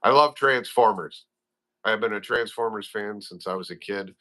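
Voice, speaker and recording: Chatty guy in his 50s from southern wisconsin, bright tense voice, rambly, on a video call. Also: fairly low pitch, moderate pace. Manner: chatty, rambling, self-deprecating. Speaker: guest. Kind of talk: casual live-stream chat.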